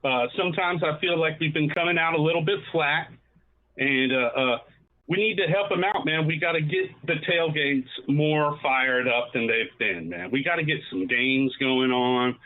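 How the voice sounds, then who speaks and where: A man's voice: fairly high pitch, moderate pace, narrow, tinny audio. A man calling into a fan show, pumped up and repeating "man".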